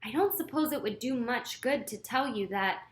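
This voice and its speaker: A woman's voice: a little high, expressive, moderate pace, reverberant, lightly acted. Woman doing a laughing truck driver. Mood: warning. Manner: loud, laughing through his lines. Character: laughing male truck driver, calm and amused.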